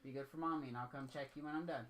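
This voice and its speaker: A man's voice: medium pitch, steady tone, racing, a bit bright. A man chatting casually with his family while streaming from a room at home, in an easygoing, teasing way. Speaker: game streamer. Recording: noisy home stream audio.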